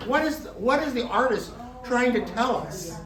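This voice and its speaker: A man telling a folk tale to an audience in a lively, expressive way, with slow, dramatic pauses. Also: very high-pitched. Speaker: volunteer storyteller. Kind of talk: animated storytelling to an audience. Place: luncheon hall. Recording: roomy distant room mic, faint ambience.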